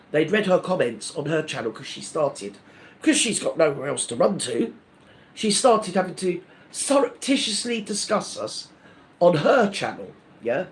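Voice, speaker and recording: A man hosting a live stream, ranting in a rambling, indignant, gossipy way with many restarts. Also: fairly high pitch.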